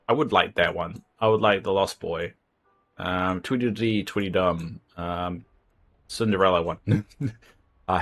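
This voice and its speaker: A man's voice: low-pitched, a bit bright. A man chatting casually and frankly while streaming a game, rambling from thought to thought. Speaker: livestreamer. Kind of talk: casual gameplay chat.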